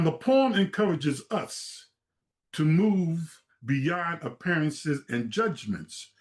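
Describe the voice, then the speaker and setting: Measured, formal man presenting a poem. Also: a little high. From Philadelphia, Pennsylvania. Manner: measured, formal, deliberate phrasing. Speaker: poetry reader and presenter. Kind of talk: formal spoken introduction of a poem.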